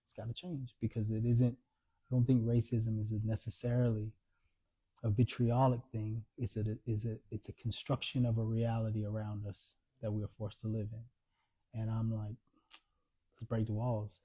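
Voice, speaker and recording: A man, an author at a live book event, telling stories and acting out quoted dialogue in a lively conversational way. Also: fairly low pitch, moderate pace, slightly rough. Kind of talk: storytelling conversation.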